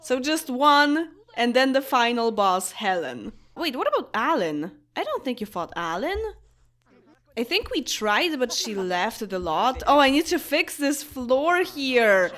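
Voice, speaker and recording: Her voice sits high and a bit bright, swinging widely in pitch at an unhurried pace. She's a young woman, Polish by first language, doing relaxed let's-play commentary of a life-sim game, talking to her characters and laughing frequently.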